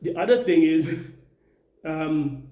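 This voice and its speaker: A man's voice: on the high side, slow, warm tone. A Jamaican man vlogging at home while cooking, rambling and exasperated, repeating himself as he talks. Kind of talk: casual vlog while cooking. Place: home kitchen. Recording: echoey room.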